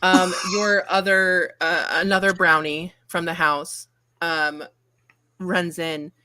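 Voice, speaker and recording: A woman's voice: on the low side, little pitch movement, takes it slowly, sharp tone, no echo. Chatty woman narrating a cozy tabletop game. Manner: chatty and giggly, playful narration. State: getting over a cold. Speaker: game master.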